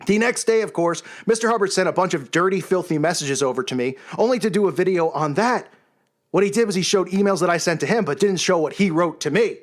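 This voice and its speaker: Channel host, male, high voice, scornful yelling rant. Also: fast talker. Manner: yells and raises his voice, scornful. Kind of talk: angry monologue rant.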